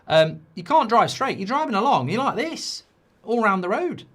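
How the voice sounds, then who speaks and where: A middle-aged man rants his way through a live football watchalong, swearing freely and slipping into whiny mock voices. His voice is bright and forceful, sitting a touch high and swinging widely in pitch as he reacts and reads out chat messages. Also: very animated, moderate pace.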